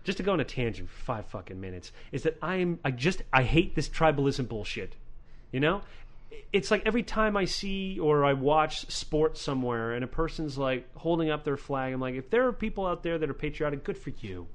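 A man hosting a casual podcast chat, his voice sitting a touch higher than most men's. He rants freely, swears often and trips over his words as he restarts sentences. It is loose, off-the-cuff talk. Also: animated, brisk. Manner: ranting, profane, many restarts. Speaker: podcast host.

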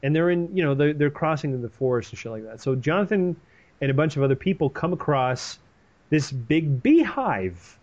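Guy hosting, retelling a story in a rambling, sweary way, kinda high voice, dull lo-fi sound. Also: normal speed. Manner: profane, animated, rambling. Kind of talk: casual comedic retelling.

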